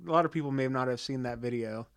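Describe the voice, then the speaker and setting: Man co-host, relaxed teasing banter, mid pitch. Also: fast, clear, resonant tone, no room sound, studio quality. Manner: teasing, easygoing. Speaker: podcast co-host. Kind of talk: casual chat.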